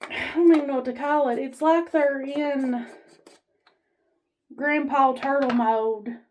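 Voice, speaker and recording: A woman vlogger stands as she films herself, delivering a blunt, rambling, folksy motivational talk to her camera. Her voice is high-pitched and a little mellow, with fairly even intonation and a slow pace, and there's a little hiss or hum.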